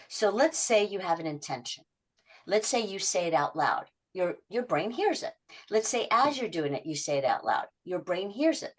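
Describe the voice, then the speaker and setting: During a podcast interview, a middle-aged habit coach with a voice on the low side shares client stories. She dramatizes their quotes through lively changes in her voice.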